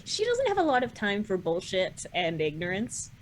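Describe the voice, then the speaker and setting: A woman co-hosting a podcast, chatting casually with frequent laughs and quick enthusiastic asides. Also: mid-range voice, wildly swooping pitch, a little hiss or hum. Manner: warm agreement, giggly, quick asides. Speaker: podcast co-host. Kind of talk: casual discussion of an animated series.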